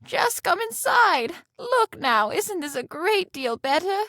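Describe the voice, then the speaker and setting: A bossy, insistent fisherman's wife, put on by a woman reading a storybook, pitched high and pushing hard for more. She sounds close and dry. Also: big pitch swings, slow, bright, forceful tone, no echo, full character voice. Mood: pleased. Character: greedy demanding fisherman's wife.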